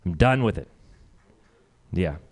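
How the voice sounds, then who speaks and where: A man's voice: low voice, animated, slow. A man performing a rambling, self-mocking stand-up set at a live comedy venue.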